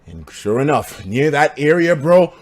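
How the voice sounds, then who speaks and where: A young man from the United States telling a story on a live stream in a casual, profane, animated way, laughing as he goes. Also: measured pace. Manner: animated, profane, laughs between lines, breaks into loud high shouts.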